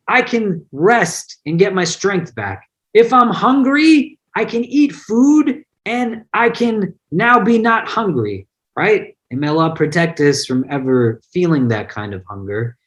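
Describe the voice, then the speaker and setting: A man, an imam, giving a conversational online religious lesson, explaining word meanings and mixing in personal anecdotes. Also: high-pitched. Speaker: imam teaching an online class.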